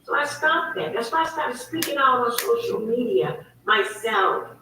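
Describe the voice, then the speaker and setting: A woman's voice: fairly high pitch, expressive, unhurried, very echoey, recorded from a distance, noisy background. A woman hosting her own online talk show, telling a story in a heated, emphatic, repetitive way. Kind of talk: casual livestream monologue.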